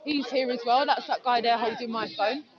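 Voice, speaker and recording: A woman's voice: a little high, steady tone, fairly quick. A woman chatting outdoors into a handheld phone, effusive and casually swearing. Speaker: vlogger filming at a public speaking spot. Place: busy outdoor public park. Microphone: handheld phone camera. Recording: dull lo-fi phone audio, loud crowd.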